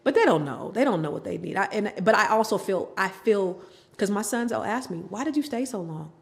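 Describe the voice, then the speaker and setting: Animated woman telling her own story. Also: mid-range voice, brisk, creaky. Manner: animated, acts out family members' lines in voices. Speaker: guest. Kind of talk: candid personal storytelling.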